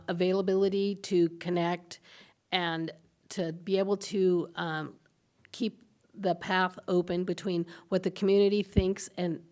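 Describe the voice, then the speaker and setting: A woman running for school board, answering a forum question with rambling, halting phrasing, in council chambers. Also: on the low side, a little mellow.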